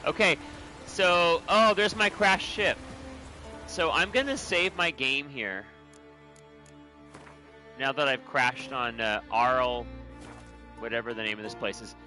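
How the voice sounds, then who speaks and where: A man chatting excitedly to viewers while playing a video game. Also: mid-range voice, slow, long pauses, soft background music. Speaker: game streamer. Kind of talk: casual gameplay commentary.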